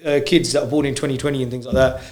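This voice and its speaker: A British man, a guest DJ, chatting casually on a podcast in a relaxed, rambling way with slang. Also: mid-range voice, rapid-fire, roomy sound.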